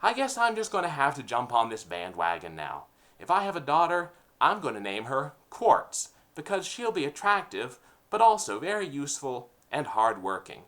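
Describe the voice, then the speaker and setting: A man's voice: medium pitch, fairly bright tone. A man hosting a comedic rant show, opinionated and full of sarcastic puns. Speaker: host.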